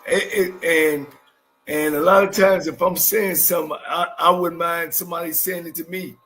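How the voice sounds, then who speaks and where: A man's voice: fairly high pitch, steady tone, moderate pace, a bit bright, faint music behind, low-quality recording. A man co-hosting a casual sports talk show, candid and blunt, with folksy sayings. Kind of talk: casual chat.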